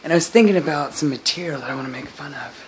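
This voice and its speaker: A man's voice: fairly high pitch, quick pace, a little hiss or hum. A man vlogging casually at home while making coffee, rambling with self-mocking, mumbled asides.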